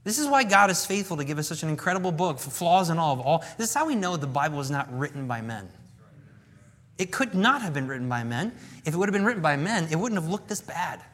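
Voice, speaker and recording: A male pastor preaching a sermon in an animated way, acting out dialogue from scripture. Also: on the high side, fast talker, slight background noise.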